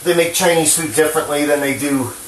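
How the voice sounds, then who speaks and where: A man from New Jersey rambles through a home cooking video, frank and profane, often joking at his own expense. His voice sits a little high. The kitchen is echoey, with faint clatter of dishes and pans behind him. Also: a little fast, a little hiss or hum. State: hands shaking. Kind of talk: casual rambling cooking talk.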